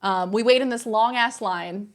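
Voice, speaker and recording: Animated woman streamer, higher voice. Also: normal speed. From Australia. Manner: animated, exasperated, swears freely. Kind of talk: casual storytelling to a live chat.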